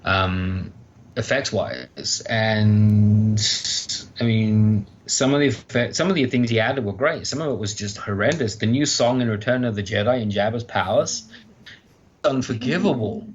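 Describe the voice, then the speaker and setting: A man in his thirties, a guest author chatting casually on a podcast, animated and enthusiastic as he tells stories. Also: fairly low pitch, unhurried, dull audio, a little hiss or hum. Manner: enthusiastic, animated storytelling with mock exclamations.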